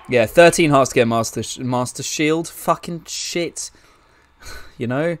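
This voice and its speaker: A man's voice: medium pitch, animated, takes it slowly, pauses often, soft background music. A man streaming a game with a friend, teasing and laughing as he plays. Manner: teasing, playful, laughs often. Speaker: gaming streamer. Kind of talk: casual banter while playing.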